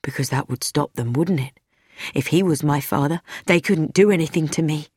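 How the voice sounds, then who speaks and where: A woman's voice: sits low, moderate pace, darkish tone, breathy edge, no room sound, studio quality, pitched below the performer's own voice. A woman reading an audiobook, voicing a sad, anxious young man who pleads and pities himself. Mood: pleading. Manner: pleading, self-pitying.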